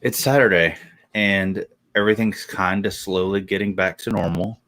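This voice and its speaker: A man's voice: low-pitched, steady tone, normal speed, fairly bright tone. A man in Tennessee co-hosting a casual livestream, laid-back and dry-humored. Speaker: co-host.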